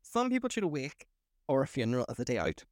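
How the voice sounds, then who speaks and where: Animated man, lively swearing chat. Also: mid-range voice, fast talker, no echo, studio quality. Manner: animated, swears freely, laughs often. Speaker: podcast co-host. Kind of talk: casual chat.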